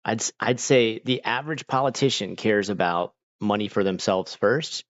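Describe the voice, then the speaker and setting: A young Floridian with a lowish voice talks at normal speed on a livestream from his home room, reading chat and reacting with many fillers. He's chatty and animated whenever he quotes someone. The audio has no echo and the highs are cut off.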